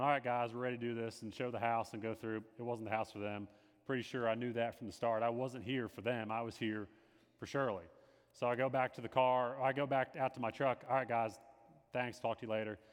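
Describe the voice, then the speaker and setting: A man giving an earnest personal testimony in sermon style, repeating phrases and moving between hushed and emphatic delivery. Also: mid-range voice. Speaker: lay speaker giving a testimony. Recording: long reverb of a hall.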